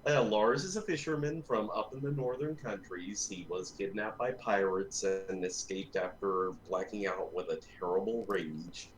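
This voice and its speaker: A man with an American Southern accent, a little hoarse, playing a tabletop game in a laid-back, self-deprecating way. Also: lowish voice, normal speed, few pauses, slight background noise, poor audio. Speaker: player. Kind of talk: casual chat during a tabletop game.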